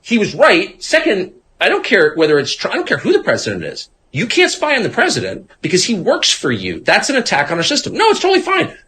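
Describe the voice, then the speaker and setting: A man in his fifties speaks as an interview guest, his pitch swinging wildly up and down. His voice is bright and forceful, and he talks in a sardonic, animated way, slipping into mocking impressions of others. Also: brisk, few pauses, slight background noise. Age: 50s. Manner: animated and sardonic, mimics other people mid-sentence. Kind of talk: casual conversation.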